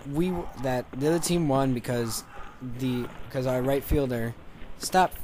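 A man telling a story in a casual, excited, rambling way over gameplay, restarting his sentences often. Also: medium pitch, measured pace, noisy background. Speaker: gaming channel commentator.

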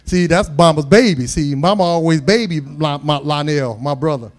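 Pastor, middle-aged man, high-pitched, humorous storyteller who turns emphatic. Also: normal speed. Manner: folksy, humorous storytelling that builds to emphatic preaching. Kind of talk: sermon.

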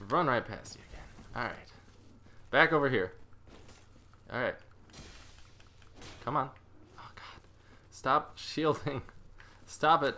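A man hosting a let's play, giving casual, excitable and self-mocking commentary, often talking to the enemy on screen. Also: fairly low pitch, a little hiss or hum.

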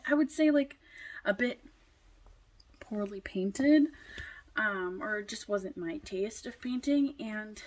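A young adult woman chatting casually as she unboxes a doll, gushing with excitement, now and then dropping to a whisper and a little out of breath. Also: mid-range voice. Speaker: doll collector vlogger.

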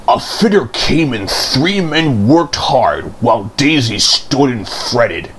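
A man reading a children's storybook aloud in an expressive storytelling manner. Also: medium pitch, slow, hardly any pauses, a little hiss or hum.

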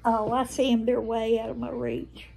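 A woman's voice: fairly high pitch, little pitch movement, moderate pace, creaky, warm tone. An older woman with a Southern American accent, chatting tenderly and homely to her viewers in a casual vlog. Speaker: vlogger. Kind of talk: casual chat to camera.

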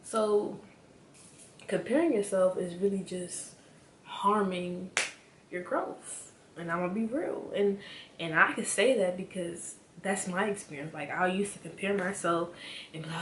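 A woman giving a casual, animated motivational talk straight to her viewers as a spiritual vlogger, repeating her points for emphasis. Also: on the low side, unhurried. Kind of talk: casual motivational rant to camera. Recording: echoey room with faint background hum.

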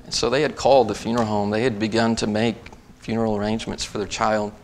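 A man's voice: fairly low pitch, little pitch movement, fast, vocal fry, a little hiss or hum. Man preaching a storytelling sermon. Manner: storytelling, then reading scripture with rising emphasis. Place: church.

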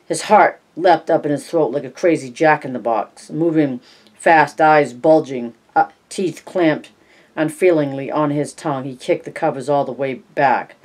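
A narrator reads a horror novel aloud at a measured pace. The voice sits at a mid pitch and drops softer when the tension rises. The telling is steady throughout. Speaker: audiobook narrator. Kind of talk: scripted narration.

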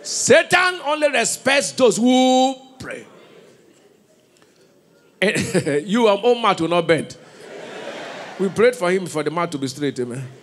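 Man, Nigerian accent, pastor preaching, high animated voice, shouts and laughs, call-and-response. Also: takes it slowly, pauses often. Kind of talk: sermon. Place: church.

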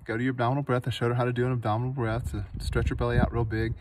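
Speaking outdoors in a dry canyon against a noisy background, a mid-range-voiced man tells a personal story. He works as a nurse and meditation teacher, and his earnest, animated telling becomes soft and slow when he guides a meditation.

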